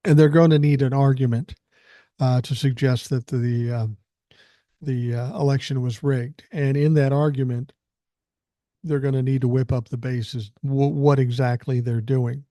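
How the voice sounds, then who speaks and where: A man's voice: medium pitch, fairly even intonation, moderate pace, warm tone, dry recording. An older man hosting a podcast, bluntly ranting with heavy profanity and reading out listener emails. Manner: angry, blunt and heavily profane. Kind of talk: profane political rant.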